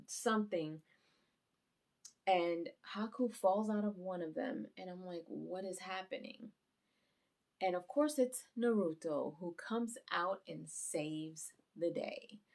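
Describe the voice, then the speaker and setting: A woman recapping an anime episode on her channel in a chatty, animated way, full of fillers. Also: on the low side, creaky. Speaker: anime review YouTuber. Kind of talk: casual episode recap review.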